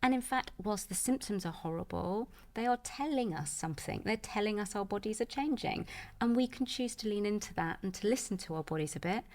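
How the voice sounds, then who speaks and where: A woman's voice: medium pitch, lively intonation, brisk, darkish tone. A woman speaking as a menopause expert guest on a podcast, earnest and reassuring, with plenty of "you know". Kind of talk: podcast conversation.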